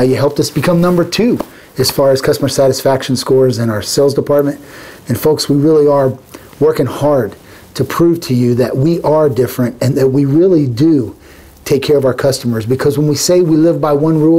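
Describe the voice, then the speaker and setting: A man pitching used cars at a dealership lot, with hyped, rapid price countdowns. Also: dark tone. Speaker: car dealership salesman. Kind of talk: energetic sales pitch.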